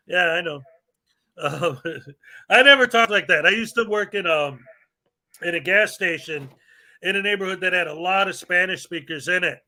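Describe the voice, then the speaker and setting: Guy hosting a live stream, high bright voice, jokey, laughs a lot. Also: moderate pace, long pauses. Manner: joking, laughs often. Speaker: livestream host. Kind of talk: casual live-stream chat.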